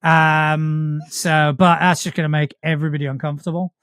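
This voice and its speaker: A man with a northern English accent, hosting a relaxed conversation. He stops and restarts his sentences and swears casually. His voice is dry and close, with no room sound around it. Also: a little high, moderate pace, smooth, no echo. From north of England. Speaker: podcast host. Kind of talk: casual chat.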